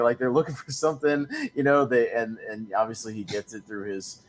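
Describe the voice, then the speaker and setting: A man's voice: mid-range voice, a little fast, slight background noise. A man hosting a casual movie podcast, rambling with many fillers and frequent laughs. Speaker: podcast host.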